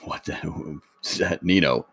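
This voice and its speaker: A man in casual chat on a live stream, trading quick teasing banter. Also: extremely low pitch, creaky, fairly bright tone, no echo, studio quality.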